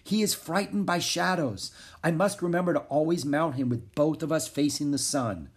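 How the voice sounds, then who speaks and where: A man's voice: fairly high pitch, big pitch swings, unhurried, husky, pitched above the performer's own voice, exaggerated voice. A man reading aloud, voicing a proud, hot-tempered young ancient prince who speaks in a haughty, commanding way. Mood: wondering.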